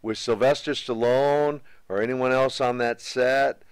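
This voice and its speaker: A man being interviewed as a guest, telling stories in a measured, anecdotal way in a studio. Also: mid-range voice, fairly even intonation, clear, resonant tone, no room sound. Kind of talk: interview storytelling.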